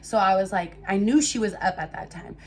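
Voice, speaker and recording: Young woman telling an animated storytime. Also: medium pitch, a little fast, a little hiss or hum. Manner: animated storytelling with heavy swearing. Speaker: storytime vlogger. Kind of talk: casual storytime monologue.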